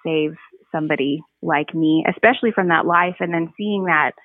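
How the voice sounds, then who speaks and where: A woman shares her personal testimony as a guest on a podcast, speaking earnestly and reflectively, pausing often to find her words. Her voice sits fairly low for a woman. It comes over a thin, phone-like line with a dry, close sound. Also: no echo.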